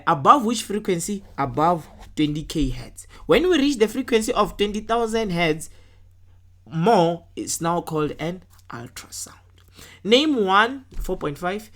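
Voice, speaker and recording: Low-voiced woman tutoring. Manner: checks in often with "right?"; talks through worked answers step by step. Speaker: physical science tutor. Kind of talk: explaining test answers.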